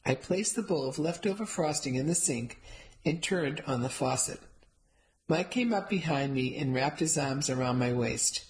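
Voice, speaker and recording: A reader narrating a first-person novel in an even storytelling manner. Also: mid-range voice, moderate pace, poor audio. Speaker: audiobook narrator.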